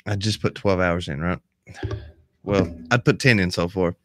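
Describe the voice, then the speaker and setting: A man's voice: low voice, normal speed, fairly bright tone, dry recording. A man hosting a podcast in casual chat, telling stories in a profane, rowdy way. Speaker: podcast host.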